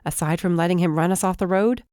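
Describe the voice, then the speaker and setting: A woman's voice: fairly low pitch, steady tone, quick pace, warm tone, smooth, no echo, studio quality, lightly acted. A woman voicing a young man who drives under pressure and speaks in short, clipped, gritted lines. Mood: tense, terse.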